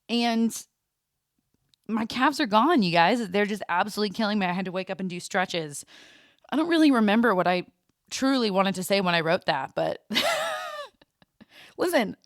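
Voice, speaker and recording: A young woman chats her way through a podcast, rambling and laughing easily. Her pitch moves up and down a lot as she talks. The sound is close and dry. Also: big pitch swings, a little slow, pauses often, no room sound. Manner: chatty, rambling, laughs often. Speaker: podcast co-host. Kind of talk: casual chat.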